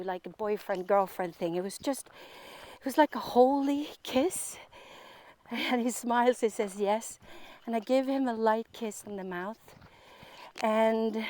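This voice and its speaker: Slow, halting woman. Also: on the high side, a little mellow. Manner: halting, earnest, repeats words and restarts. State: tearful, voice breaking. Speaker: speaker sharing a personal story. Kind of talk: emotional personal storytelling.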